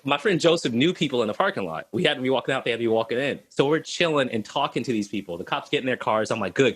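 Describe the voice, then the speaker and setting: Young man from Minnesota, husky and bright, a lively storyteller on a video call. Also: lowish voice. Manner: animated, laughing, acts out voices in his stories. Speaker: podcast guest.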